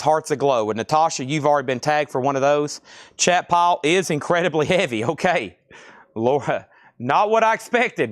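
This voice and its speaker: A fairly high-voiced man runs a live sales stream, rattling off items, prices and bids. He keeps it casual and pokes fun at himself. The sound is dry and close, with no room echo. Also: fairly bright tone. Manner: chatty, reads out items and bids, self-deprecating about pronunciation. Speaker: seller hosting a live record auction stream.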